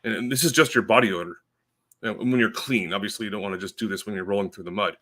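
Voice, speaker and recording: Man, podcast guest, low pitch, bright forceful tone, rambling and blunt. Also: racing. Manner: rambling, filler-heavy, blunt. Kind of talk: casual chat.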